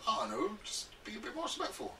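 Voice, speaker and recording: A man's voice: high voice, huge pitch swings, fast talker, gravelly, pushed and bright. A man co-hosting a podcast, teasing his partner in a mock-indignant, scolding way. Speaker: podcast co-host. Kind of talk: casual banter. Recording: slightly distant mic with faint room noise.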